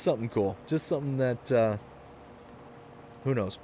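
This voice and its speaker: Male stream host from Michigan, mid-pitched, loose rambling chat, faint background hum. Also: moderate pace, pauses often, dark tone. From Michigan, USA. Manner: rambling, anecdotal, frequent restarts. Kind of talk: casual chat while streaming a game.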